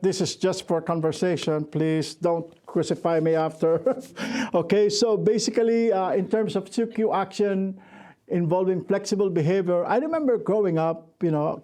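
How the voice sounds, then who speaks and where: A man's voice: high voice, mellow. A middle-aged man giving a conference workshop talk, joking at his own expense, restarting his sentences often. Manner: joking, self-deprecating storyteller with many restarts.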